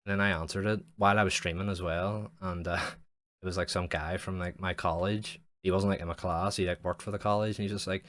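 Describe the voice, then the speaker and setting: A man's voice: deep voice, steady tone, brisk, a bit bright, dry recording. A young man, hosting a casual solo podcast and rambling with lots of swearing and "like". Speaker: podcast host.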